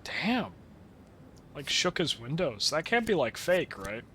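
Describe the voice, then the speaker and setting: A man's voice: on the high side, big pitch swings, slow pace, sharp tone, slight background noise. A young man with a stuffed-up nose giving rambling, wry, sweary commentary while he streams a game. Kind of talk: casual gameplay commentary.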